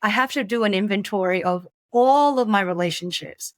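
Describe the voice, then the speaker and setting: Candid woman guest, halting and reflective. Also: mid-range voice, no room sound. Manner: halting, many restarts and soft laughs. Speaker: podcast guest. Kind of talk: candid personal storytelling.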